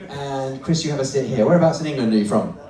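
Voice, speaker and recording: A man's voice: mid-range voice, fast, dark tone. A man ventriloquist comedian doing teasing, chatty crowd work live on stage with audience volunteers. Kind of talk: live stand-up with audience participation. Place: large cruise ship theatre stage. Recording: echoey theatre, distant mic, audience crowd.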